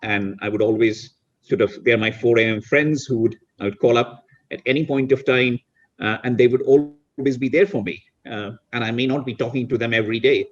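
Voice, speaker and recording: A man's voice: mid-range voice, fairly quick, dull audio. A middle-aged man from India, a guest on a video call talk show, speaking reflectively with frequent restarts. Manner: reflective, many restarts and "you know". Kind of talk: casual interview chat.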